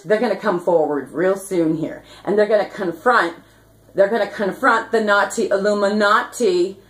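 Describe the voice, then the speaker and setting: Woman vlogger, fiery rant style with rhymes and giggles, mid-pitched voice in a roomy space. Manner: fiery, ranting, rhyming catchphrases, giggly. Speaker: activist vlogger. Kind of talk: rambling vlog monologue.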